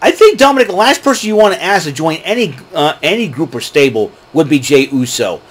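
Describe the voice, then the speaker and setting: A man's voice: on the high side, lively intonation, fairly quick, husky. Rambling man recapping with chuckles. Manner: rambling, many fillers and restarts, chuckles at his own jokes. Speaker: wrestling show recap host. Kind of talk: casual solo recap talk.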